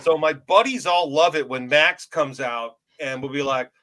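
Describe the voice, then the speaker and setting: Brash, bright-voiced man hosting a podcast. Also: on the high side, normal speed. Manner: brash, loud, profane, self-described big personality. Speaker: podcast host. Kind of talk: casual podcast chat.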